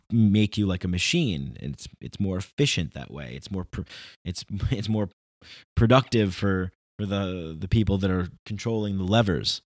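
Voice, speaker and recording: A man's voice: fairly low pitch, dry recording, studio quality. A man talking in a casual, rambling, philosophical monologue with emphatic bursts.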